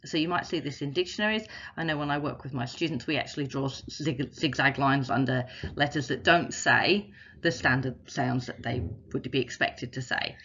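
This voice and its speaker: Woman, teacher, low voice, slightly husky, patient step-by-step explaining, muffled lo-fi recording. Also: a bit bright, a little hiss or hum. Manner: patient, explains step by step, says example words slowly. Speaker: literacy teacher. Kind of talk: instructional video explanation.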